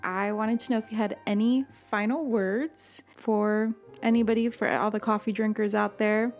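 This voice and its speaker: A woman's voice: mid-range voice, steady tone, normal speed, faint music behind. A young woman from Miami hosting a casual podcast chat, talkative and laughing often, with many fillers. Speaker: podcast host.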